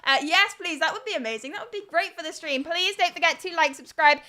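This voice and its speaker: Bright high-voiced Scouse woman host. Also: quick pace. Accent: Liverpool (Scouse). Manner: chatty, reads viewer comments aloud and asks for likes. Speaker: livestream host. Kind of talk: live crypto news stream, casual commentary.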